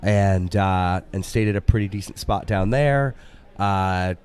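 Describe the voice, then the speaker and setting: A man's voice: sits low, a little slow, darkish tone, clean tone. A man co-hosting a podcast, telling a long story in a rambling way, with lots of fillers. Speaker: podcast co-host. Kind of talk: casual chat.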